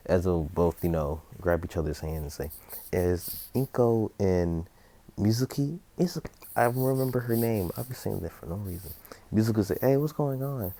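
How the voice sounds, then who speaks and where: Low-voiced man rambling through a story. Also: normal speed, mellow. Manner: rambling, full of fillers and self-corrections. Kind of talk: improvised fan-story narration.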